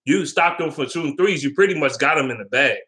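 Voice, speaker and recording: Bright-voiced man rambling about sports. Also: on the high side, expressive, quick pace. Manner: rambling and opinionated, with loose slang and frequent ums. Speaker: sports vlogger. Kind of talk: casual sports talk.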